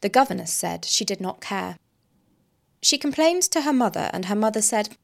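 Low gravelly woman reading a story. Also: expressive, moderate pace. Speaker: author reading her short story. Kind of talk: reading fiction aloud.

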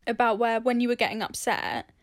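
A woman's voice: on the high side, little pitch movement, a little fast, no room sound, studio quality. A woman co-hosting a casual podcast chat, candid and swearing freely as she talks through her feelings. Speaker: podcast co-host.

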